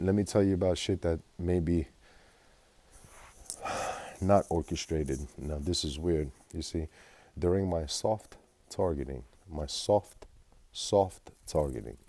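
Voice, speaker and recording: A man's voice: sits low, slow, long pauses, mellow, no room sound. A man telling a rambling, profane personal story in a vlog, agitated and full of fillers. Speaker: vlogger.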